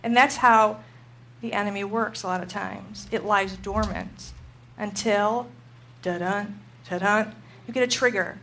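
A middle-aged woman teaching a Christian group, telling a personal story in an animated way and acting out her own panic. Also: mid-range voice, unhurried, gravelly, slight background noise.

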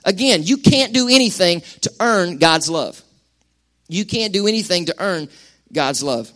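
A middle-aged pastor delivers a sermon to his congregation in a church sanctuary. His voice is high for a man, and he speaks with animated energy, dropping into quick acted-out asides.

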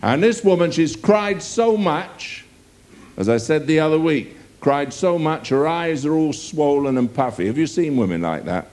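A man preaching a sermon, reading scripture aloud and putting drawn-out rhetorical questions to his listeners. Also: fairly high pitch, very animated, a little mellow.

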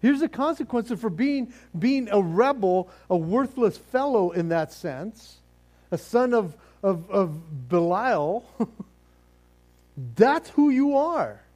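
Lively, laughing man teaching the Bible. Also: high voice, slow pace. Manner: animated, laughs often, acts out characters.

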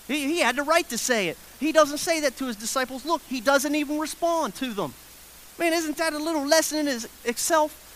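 A man with a high voice preaches a loose, conversational sermon. He repeats key phrases and keeps checking in with his listeners. A faint hiss runs under the recording. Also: a bit bright. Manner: conversational preaching that acts out the people in the story.

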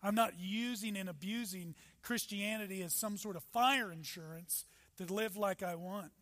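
A man preaching a sermon as pastor, with emphatic rises and sudden soft drops. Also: high voice, moderate pace. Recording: long hall reverb.

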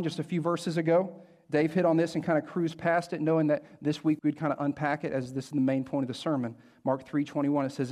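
A man's voice: on the high side, darkish tone. A man preaching a sermon to a congregation in a conversational way, restarting phrases and checking in with the crowd. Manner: conversational, repeats words when restarting, asks the crowd questions. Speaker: pastor.

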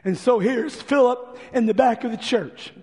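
A male pastor preaches with fervour, voicing the people in his story in turn. His high voice is hoarse and gravelly, worn rough as if giving out. It echoes with a long tail through a large church sanctuary. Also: moderate pace, a little mellow. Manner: impassioned preaching, acts out the visitors' voices. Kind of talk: sermon.

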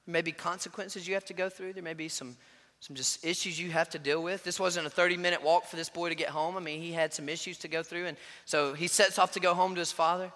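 A man in his thirties preaching a sermon as pastor, telling a story with lively voiced quotes. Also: on the high side, quick pace. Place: church sanctuary. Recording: long church reverb.

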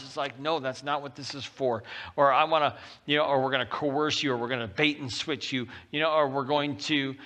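A man preaching a sermon as pastor, talking in a lively, conversational way and reading scripture aloud with rising intensity. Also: medium pitch. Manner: animated and conversational, often acting out quotes.

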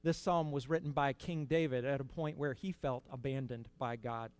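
A man preaching a sermon in an earnest, conversational way, rising to emphatic peaks and dropping to quiet asides. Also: medium pitch, steady tone, moderate pace, clear, resonant tone.

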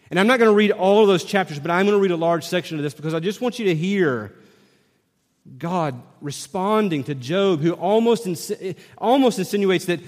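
A man preaching a sermon and reading scripture aloud, animated and questioning his listeners. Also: high-pitched, big-room sound. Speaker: pastor.

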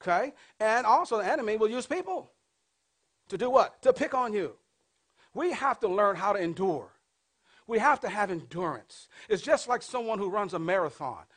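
A man in his fifties preaching a sermon as pastor, asking the congregation call-and-response questions and swinging between loud and hushed delivery. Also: high voice, expressive, moderate pace. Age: 50s.

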